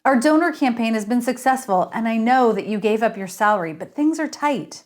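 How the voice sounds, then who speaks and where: A woman's voice: fairly high pitch, lively intonation, fairly quick, natural voice. A woman voicing a worried female colleague who speaks earnestly and pleads. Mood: pleading.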